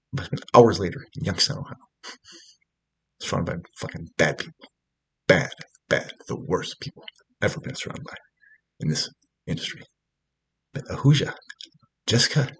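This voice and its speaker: Gravelly, husky-voiced man ranting. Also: on the low side. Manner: profane, agitated, rambling with many fillers. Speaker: storyteller recounting personal events. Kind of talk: rambling spoken monologue.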